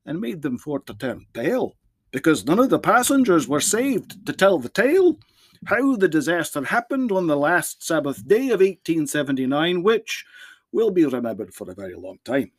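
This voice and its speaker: A priest guesting on a podcast, reciting a poem theatrically in a put-on Scottish dialect. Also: male voice, fairly high pitch, sing-song, moderate pace, breathy edge, no room sound. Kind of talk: dramatic poem reading.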